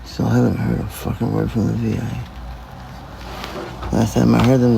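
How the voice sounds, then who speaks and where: A man's voice: lowish voice, little pitch movement, moderate pace, gravelly, noisy background. A man chatting casually on a livestream, rambling and swearing, his speech mumbly from a missing front tooth. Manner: rambling and profane, talking to viewers.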